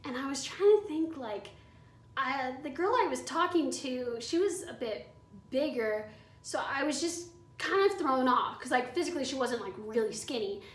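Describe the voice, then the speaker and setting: A woman's voice: high voice, expressive, normal speed. A woman in her twenties telling a candid storytime vlog, chatty and full of "like.". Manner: chatty, candid, heavy use of "like". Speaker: vlogger. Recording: echoey room, away from mic.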